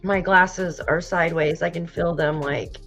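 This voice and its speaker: A woman's voice: fairly low pitch, fairly even intonation, normal speed, vocal fry, fairly bright tone. A woman hosting a casual livestream, talking straight to her viewers and greeting the chat. She sighs often and sounds close to tears. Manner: emotional, sighing, fighting back tears. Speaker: true crime livestream host. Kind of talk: casual livestream commentary, reading posts aloud. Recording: dull lo-fi stream audio with faint music.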